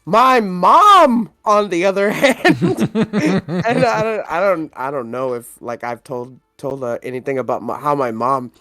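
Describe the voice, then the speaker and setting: A podcast co-host telling a story in casual chat, animated and profane, laughing often. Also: medium pitch, unhurried, no echo, studio quality, soft background music.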